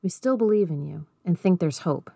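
A steady, caring older man who asks calm, probing questions, as a woman reads him in a storybook. The voice is low and mellow. It is recorded close and dry. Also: normal speed, gravelly, slightly rough, no echo, exaggerated voice.

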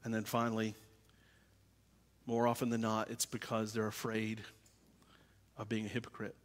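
A middle-aged man preaching a sermon as pastor, swinging from quiet confiding to loud impassioned preaching. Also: fairly low pitch, completely flat delivery, moderate pace. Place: church sanctuary. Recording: long reverb of a church hall.

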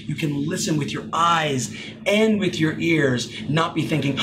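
Man, high voice, emphatic motivational sales coaching, noisy background. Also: unhurried. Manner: animated, emphatic, acts out example phone lines. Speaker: real estate sales coach. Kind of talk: energetic motivational talk.

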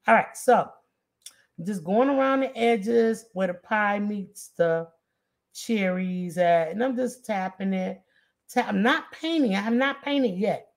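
Woman hosting an art stream, gravelly voice, chatty and drawling while she paints. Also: mid-range voice, slow. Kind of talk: casual painting tutorial.

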